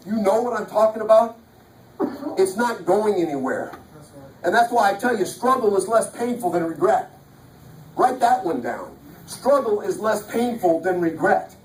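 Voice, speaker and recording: This male motivational speaker has a high, slightly mellow voice as he forcefully tells an audience about his life, hammering home key lines through repetition. He's in a big event hall, picked up by a distant mic in an echoey space with a faint hiss or hum.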